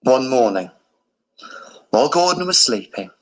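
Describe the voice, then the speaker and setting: A male teacher reading a children's picture book aloud, with expressive storytelling. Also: medium pitch, measured pace, rough recording.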